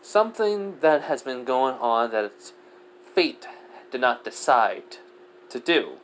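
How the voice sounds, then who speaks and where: A man's voice: medium pitch, very animated, takes it slowly, fairly bright tone, slight background noise. A man voicing a powerful shape-shifting goddess, confident and breezy.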